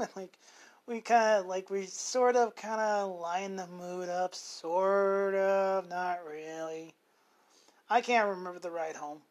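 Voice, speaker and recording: A man's voice: high voice, steady tone, slow. A man in his forties, hosting an unscripted monologue. He rambles, corrects himself often and swears freely. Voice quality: rambling, with many self-corrections and fillers. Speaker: show host.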